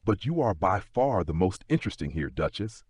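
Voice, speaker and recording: A man voicing a reserved, perceptive aristocratic Englishman who speaks in a measured, low and deliberate way. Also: sing-song, darkish tone, slightly rough, dry recording, studio quality, full character voice. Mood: wry.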